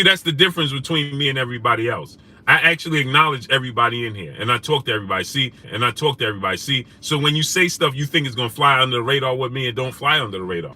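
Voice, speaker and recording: A man hosting a live stream, greeting viewers and firing back at comments in a combative way. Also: medium pitch. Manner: combative, rising to loud indignant questions; greets chat viewers by name. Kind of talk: livestream chat reading comments.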